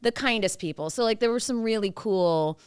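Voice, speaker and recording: A woman's voice: a little high, normal speed, clean tone, dry recording, studio quality. A woman co-hosting a podcast, telling stories in a gushing, casual way with many fillers. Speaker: podcast co-host. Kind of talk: casual chat.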